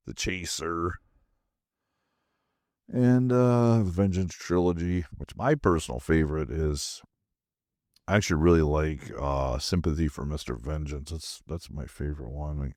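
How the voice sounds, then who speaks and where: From the movie room in his home, a man hosts his own podcast, drowsy and half asleep, rambling in a laid-back, meandering monologue. His bass voice has a darkish tone, and the studio-quality recording carries no echo.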